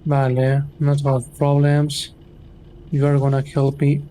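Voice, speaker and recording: A man whose native language is Spanish, giving casual gameplay commentary and reading game lines aloud haltingly, with a Spanish-speaking accent. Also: medium pitch, completely flat delivery, warm tone, a little hiss or hum. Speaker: gamer streamer.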